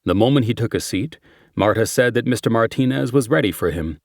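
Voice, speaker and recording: A man narrating a crime thriller audiobook in a measured, steady reading. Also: medium pitch, no echo, clean studio sound. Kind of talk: scripted narration.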